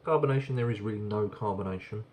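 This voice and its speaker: A man's voice: fairly low pitch, quick pace, darkish tone. A man casually reviewing a beer on camera, chatty and rambling, often repeating words as he goes.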